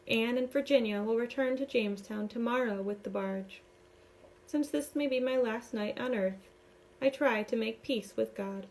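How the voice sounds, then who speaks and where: A woman's voice: a little high, normal speed. Woman teacher reading a novel aloud. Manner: expressive storytelling, voicing the dialogue.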